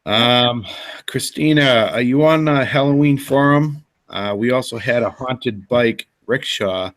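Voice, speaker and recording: Northern man co-host, excitable laughing banter, casual chat. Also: mid-range voice, unhurried.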